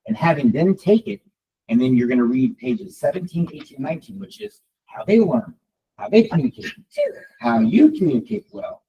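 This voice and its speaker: Fast-talking animated male trainer. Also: on the high side, breathy edge, highs cut off. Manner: fast, animated, addresses the room directly. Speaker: real estate trainer. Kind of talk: live workshop teaching. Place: meeting room with a live audience.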